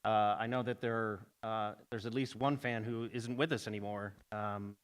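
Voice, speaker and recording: A man speaking earnestly as a panel guest, pausing often with fillers. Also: on the low side, fairly even intonation, smooth. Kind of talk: convention panel talk. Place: convention hall stage.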